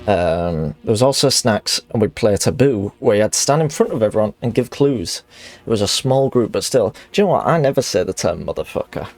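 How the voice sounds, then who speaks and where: A man's voice: lowish voice, lively intonation, brisk, a little mellow, soft background music. A man streaming a game, chatting casually in a rambling, sweary way that often corrects itself.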